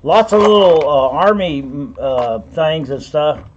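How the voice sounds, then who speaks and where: A man's voice: a little high, animated, slow, dull audio, a little hiss or hum. A man hosting a live online auction, calling bids over and over with folksy asides. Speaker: auctioneer and host.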